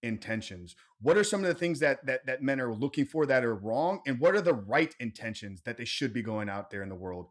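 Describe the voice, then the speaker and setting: Fast-talking, enthusiastic male podcast host. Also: medium pitch, expressive. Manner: warm, enthusiastic, affirming. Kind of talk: interview podcast.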